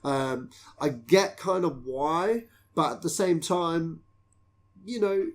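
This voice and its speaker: Man, slightly high voice, crude jokey talk, film podcast co-host. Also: slow pace. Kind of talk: casual film podcast chat.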